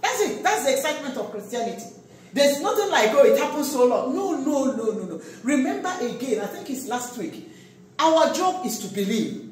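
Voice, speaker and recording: A pastor preaching a sermon, swinging between loud exhortation and quiet asides. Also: sits high, very animated, normal speed, slight background noise. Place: large echoey church hall. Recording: echoey church hall from far off.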